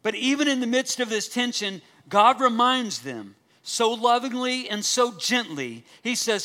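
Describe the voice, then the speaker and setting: A man's voice: very high-pitched, lively intonation, a little slow, hardly any pauses, pushed and bright. A man preaching a sermon to his church, earnest and emphatic, repeating key phrases and asking the congregation direct questions. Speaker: pastor.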